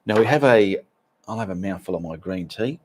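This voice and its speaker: A man's voice: fairly low pitch, animated, brisk, a little mellow, slight background noise. A man with an Australian accent hosting a live art stream, chatting with viewers and reading out their names and messages. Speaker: art channel host.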